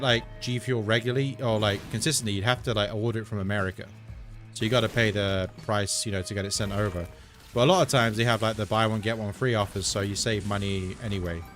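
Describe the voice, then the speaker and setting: A man's voice: fairly low pitch, fairly bright tone. An English man chatting casually and digressively to viewers while streaming a video game. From England. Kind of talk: casual live-stream chat while gaming.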